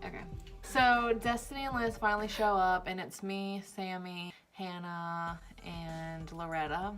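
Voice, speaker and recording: A woman's voice: a little slow, faint music behind. A young woman telling a storytime tale in casual chat, acting out her friends' frantic lines. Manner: animated, acts out friends' panicked lines in a high voice. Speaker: vlogger.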